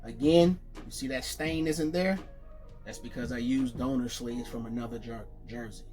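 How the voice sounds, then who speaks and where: A man presenting his jersey collection in a casual vlog, chatty and excited, correcting himself as he goes. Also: mid-range voice, normal speed, soft background music. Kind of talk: casual show-and-tell vlog.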